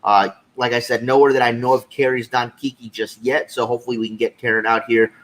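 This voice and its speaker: A man co-hosting a podcast in casual chat, his voice at an ordinary middle pitch. He talks in a relaxed, easygoing way, full of "uh" and "um" as he thinks aloud. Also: fast talker, poor audio. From California. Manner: relaxed, chatty, with many fillers. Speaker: podcast co-host.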